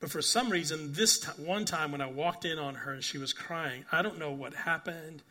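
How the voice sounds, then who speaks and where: Bright-voiced older male pastor preaching. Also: on the high side, normal speed. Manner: earnest storytelling, repeats phrases, asks "right?"; rises to emphatic bursts, then drops soft and quiet. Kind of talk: sermon.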